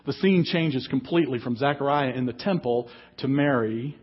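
Husky-voiced man preaching a sermon. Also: mid-range voice, normal speed, dull audio. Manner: emphatic preaching, reads scripture aloud. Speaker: pastor. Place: church service.

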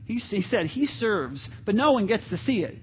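Earnest male pastor, high voice, conversational sermon, dull lo-fi church recording. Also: very animated, normal speed, a little hiss or hum. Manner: earnest, encouraging, conversational with asides. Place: church sanctuary.

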